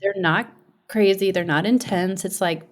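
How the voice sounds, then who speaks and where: A woman hosting a faith-based podcast, talking in a casual, animated and enthusiastic way with a friend. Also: medium pitch, normal speed. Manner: animated, enthusiastic, laughs often. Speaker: podcast host. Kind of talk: casual conversational interview.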